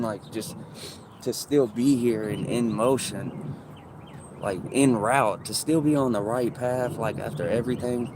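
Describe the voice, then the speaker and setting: A man's voice: fairly low pitch, background noise. A man livestreaming and chatting casually with viewers, rambling in loose, profane street slang.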